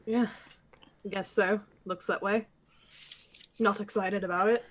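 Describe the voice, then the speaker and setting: A woman playing a tabletop game, casual and lively. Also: mid-range voice, unhurried. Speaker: player.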